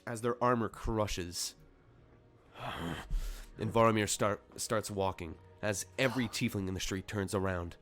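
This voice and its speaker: Low-voiced man narrating as game master. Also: steady tone. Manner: loose, halting narration with restarts.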